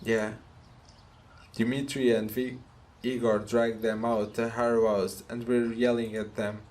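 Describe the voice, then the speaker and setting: A man's voice: medium pitch, flat delivery, measured pace, a little mellow, close to an everyday voice. A man voicing a meek young hero who stammers and apologizes while reading game dialogue aloud. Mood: hesitant. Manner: hesitant, stammering.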